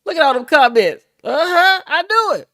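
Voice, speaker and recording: A woman hosting a casual livestream, chatting and laughing with viewers in an animated, hyped-up way. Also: sits high, normal speed. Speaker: livestream host.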